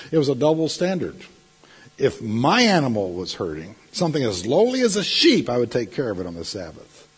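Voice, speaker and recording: A middle-aged male pastor delivering a sermon, telling stories and breaking into sudden loud outbursts. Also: on the low side, breathy edge.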